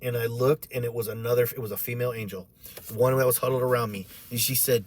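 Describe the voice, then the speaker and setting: A man telling an emotional personal story, animated and repetitive, acting out the voices of others as he goes. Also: mid-range voice, quick pace, slight background noise. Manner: emotional, repeats himself.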